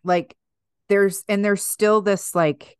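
A woman's voice: mid-range voice, fairly even intonation, slow pace, clear, resonant tone, dry recording. A woman co-hosting a faith podcast, talking in an emphatic, exhorting way with casual fillers. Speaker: podcast co-host.

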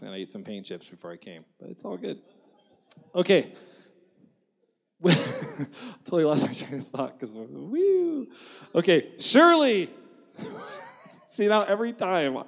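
A man preaching a sermon in an animated, joking way, acting out quotes and laughing at his own jokes. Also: fairly high pitch, creaky. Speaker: pastor. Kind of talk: lively sermon. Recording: long reverb of a large hall.

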